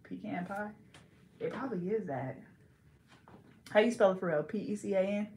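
A woman's voice: mid-range voice, animated, a little fast, warm tone. A woman vlogger from the Bay Area of California, chatting casually in a playful, giggly way and second-guessing herself. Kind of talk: casual chat. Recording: echoey room, faint background hiss.

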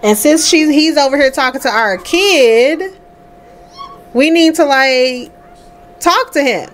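A woman's voice: high voice, slow pace. A woman hosting a life-sim let's play, chatting casually and laughing as she talks to her characters. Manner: chatty and animated, laughing often, talking to the sims. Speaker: gaming host.

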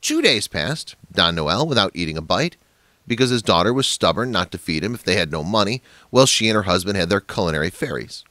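A man's voice: deep voice, animated, brisk, bright, forceful tone, dry recording. A man narrating a dramatic family story in a scripted, emphatic way.

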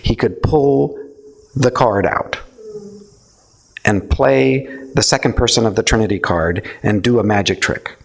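Here a gravelly, lowish-voiced man teaches theology to a live crowd, talking a little slowly. His manner is relaxed and conversational as he poses questions to the audience and performs quoted lines.

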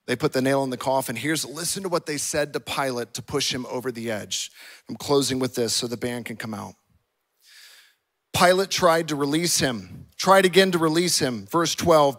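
A man's voice: on the high side, normal speed, a bit bright. A male pastor delivering an impassioned sermon and acting out scripture dialogue. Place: church auditorium.

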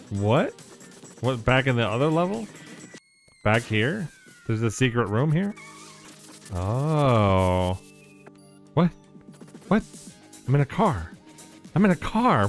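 A man giving casual live commentary while streaming a game, excitable and quick to laugh, swearing often and reacting loudly to surprises. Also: mid-range voice. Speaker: streamer playing a modded platform game.

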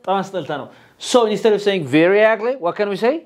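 Ethiopian male English teacher in studio, high voice, prompts and repeats. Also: rapid-fire, background noise. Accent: Ethiopian, Amharic-accented English. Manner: quizzing and prompting, repeating words, asking "yes or no?". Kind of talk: bilingual English lesson, drilling vocabulary.

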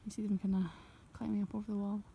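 A young woman talks in a soft-spoken ASMR half-whisper as she walks through a sheep field. Her voice is mellow and gentle, and she keeps up a chatty murmur. Faint outdoor noise sits behind her. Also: medium pitch, level tone, fast, vocal fry. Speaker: ASMR creator and farmer.

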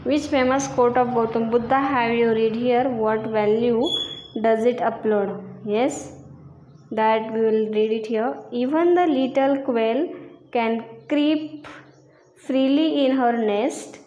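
A woman teacher slowly reading out textbook answers and repeating each one. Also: fairly high pitch, steady tone, warm tone, lo-fi sound. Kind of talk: slow classroom lesson reading answers aloud. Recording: echoey room.

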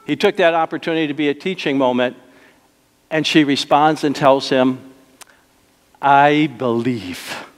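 A male pastor preaching a sermon, moving between soft, slow lines and emphatic, raised ones. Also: on the high side, fairly even intonation. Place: church sanctuary. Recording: long reverb of a church hall.

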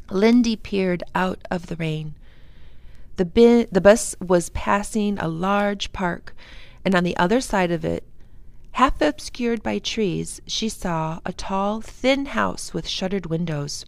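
A woman's voice: medium pitch, vocal fry, no echo. A woman who works as a children's librarian reading a chapter book aloud for kids. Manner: slow, expressive. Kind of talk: storybook read-aloud for children.

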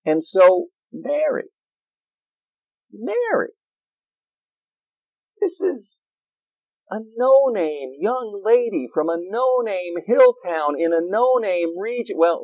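A man preaching a sermon in a church, animated and playful, with jokes and asides. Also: sits high, slow pace, pauses often, dry recording, poor audio. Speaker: pastor.

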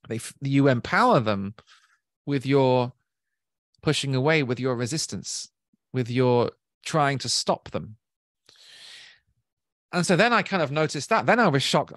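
Gentle, slow-speaking man. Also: mid-range voice, no echo, clean studio sound. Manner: slow, gentle and searching, with frequent restarts. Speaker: spiritual teacher. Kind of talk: reflective personal talk.

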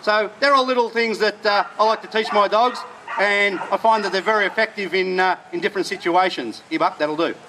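A man gives a live outdoor talk on training working dogs, speaking in a plain, practical way. His voice sits fairly high for a man. A faint hiss of outdoor noise runs under him. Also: steady tone, fairly quick. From Australia. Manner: explains plainly between short commands to dogs. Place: outdoors at a festival display.

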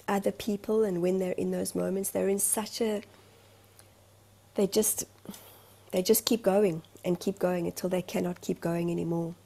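Husky, gravelly-voiced woman vlogger. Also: medium pitch, warm tone. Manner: earnest, emotional, rambling. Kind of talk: candid vlog monologue.

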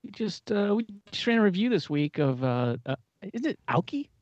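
A man's voice: sits high, big pitch swings, normal speed, darkish tone, no echo, lo-fi sound. A man co-hosting a casual tech podcast, chatty and joking, with hesitant fillers. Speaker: podcast co-host.

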